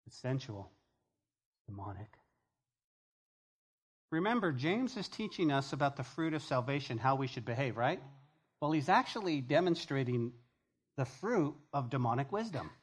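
Emphatic preacher swinging loud and hushed. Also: mid-range voice, animated, moderate pace, husky. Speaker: pastor. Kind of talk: sermon. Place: church before a congregation.

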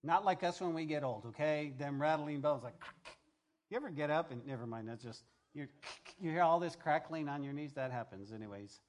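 A man preaching a sermon, talking straight to the congregation, swinging between loud emphasis and quiet, hushed asides. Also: fairly high pitch, lively intonation, moderate pace. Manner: talks straight to the congregation, asking if they follow. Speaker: pastor.

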